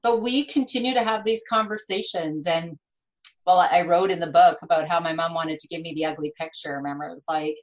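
A middle-aged woman, an author, chatting in a lively, storytelling way. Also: fairly low pitch, brisk, rough recording. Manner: chatty, animated storytelling with laughs. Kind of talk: casual conversation.

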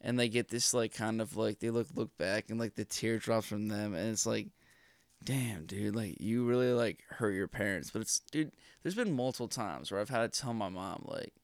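Chill young guy on a podcast, kinda low voice, says dude a lot, clean dry mic. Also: moderate pace, smooth, dry recording. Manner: laid-back, agreeable, says "dude" often. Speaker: podcast co-host. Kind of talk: casual chat.

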